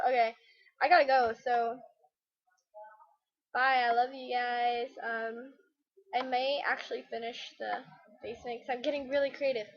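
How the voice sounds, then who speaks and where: High-voiced chatty woman playing a game. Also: flat delivery, moderate pace, long pauses, dull audio. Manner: rambling, chatty, self-deprecating. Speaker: let's play gamer. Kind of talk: casual gameplay commentary.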